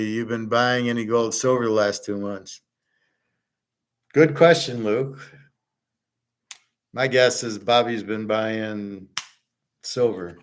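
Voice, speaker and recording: A man with a somewhat low voice hosts a loose livestream chat. He answers viewers' questions in a blunt, opinionated way, often rambling and circling back on his points. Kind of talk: casual livestream commentary.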